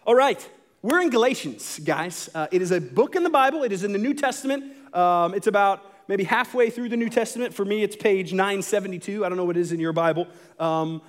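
A young man preaching a sermon in a lively, conversational way, with bursts of dramatic emphasis. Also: sits high. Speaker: pastor.

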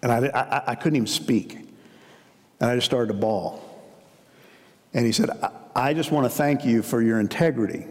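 A man delivers a sermon in a relaxed, storytelling manner, like a pastor talking to his congregation. His voice sits at a middling pitch, and a long reverb from a large church hall trails every phrase. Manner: storytelling, conversational preaching.

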